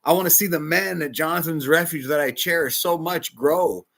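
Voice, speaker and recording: A middle-aged man, a bishop, preaching a sermon with emotional personal testimony, talking in a confiding, animated way. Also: fairly high pitch, normal speed, vocal fry.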